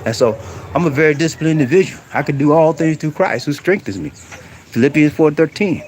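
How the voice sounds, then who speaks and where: Live-streaming outdoors in the countryside, a middle-aged man talks animatedly and fairly quickly in a fairly high, darkish-toned voice. He's preachy and blunt, addressing viewers directly with slang, over slight background noise.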